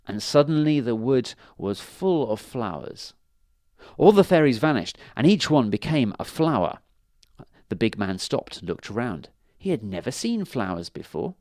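A man's voice: medium pitch, very animated, darkish tone, no echo, clean studio sound. Sing-song male storybook reader. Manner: slow, emphatic, sing-song reading. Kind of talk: children's storybook reading.

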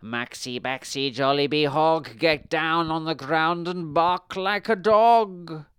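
Spiteful old witch for a storybook, a man doing the voice, slow and menacing. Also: on the high side, fairly bright tone, smooth, no room sound, pitched above the performer's own voice. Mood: chanting. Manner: slow menacing spell-chanting.

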